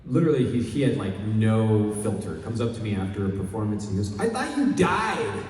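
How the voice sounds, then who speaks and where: A middle-aged man from Chicago, a panel guest telling animated anecdotes and acting out other people's lines. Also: on the low side, fairly quick, very noisy. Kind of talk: storytelling at a convention panel. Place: large convention hall. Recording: echoey hall, mic heard from far off.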